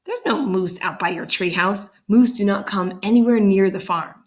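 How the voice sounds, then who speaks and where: A woman voicing a grumpy father jolted awake in a storybook, shouting his words in a shrill, high voice. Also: moderate pace, natural voice. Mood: dismissive.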